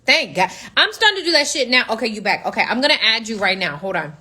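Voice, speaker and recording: A woman's voice: on the high side, big pitch swings, quick pace, bright, forceful tone, husky, rough recording. A woman in her thirties from the United States, hosting a casual chat show in a chatty, profane manner. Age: 30s. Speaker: podcast host.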